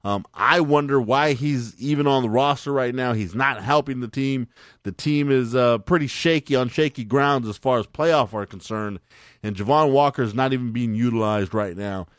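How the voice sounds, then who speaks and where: A man's voice: mid-range voice, moderate pace, no room sound, studio quality. A man co-hosting a casual sports podcast, upbeat and leading each segment. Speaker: podcast co-host.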